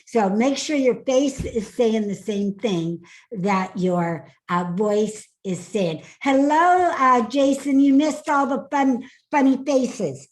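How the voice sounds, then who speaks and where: This woman's voice sits up high as she coaches a live online class over a video call. She is upbeat, laughs easily, and keeps calling on attendees by name. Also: animated, slow pace, poor audio. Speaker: speaking coach.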